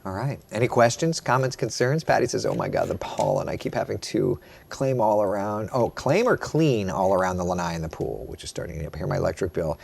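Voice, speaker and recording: A meteorologist hosting a casual live morning chat, reading viewer comments aloud and answering them. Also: male voice, lowish voice, fairly quick, creaky, few pauses, a little mellow, a little hiss or hum. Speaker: meteorologist host.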